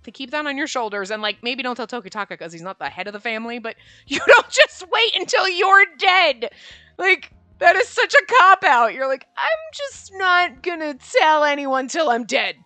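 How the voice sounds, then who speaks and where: Animated, cursing young woman streamer. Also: high voice, moderate pace, no room sound, faint music behind. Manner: animated, profane, laughing rants. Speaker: streamer playing a visual novel. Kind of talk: let's play commentary, reading aloud.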